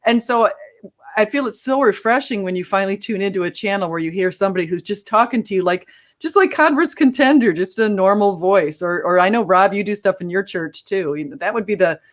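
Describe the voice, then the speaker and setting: A man's voice: sits high, fairly quick, fairly bright tone. A man who runs a Christian channel, talking earnestly in a casual panel chat and now and then mimicking preachers.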